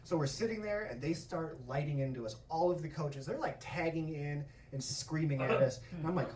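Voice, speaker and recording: A man telling a stand-up story on a comedy stage, swearing freely and acting out yelling coaches. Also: on the high side, fairly quick, hardly any pauses, recorded from a distance. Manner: profane, animated, acts out coaches' yelling. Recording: echoey hall with crowd laughter, mic from afar. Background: audience laughing.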